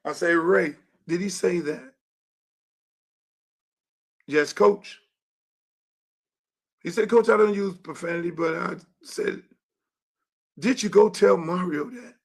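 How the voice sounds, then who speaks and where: A middle-aged man, hosting his show and ranting angrily about a coach in a profane monologue that rises into shouts. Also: high-pitched, slow, long pauses. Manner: angry, profane, rising to shouts. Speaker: show host and youth football coach. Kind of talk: heated monologue.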